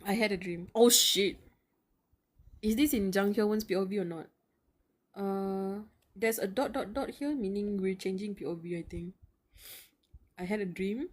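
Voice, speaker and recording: A woman's voice: medium pitch, normal speed, long pauses. A young woman reading a web novel aloud on a live stream, sighing and laughing nervously between lines, slangy and emotional, breathing close into the mic. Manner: slangy, calls viewers bro and dude. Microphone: close mic, audible breathing.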